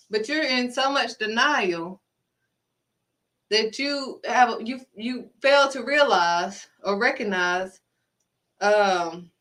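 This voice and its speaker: A woman with a high, fairly bright voice gives a preachy faith talk to camera as a vlogger. She's blunt and emphatic, scolds, and repeats herself for emphasis, and her voice sounds somewhat distant from the mic.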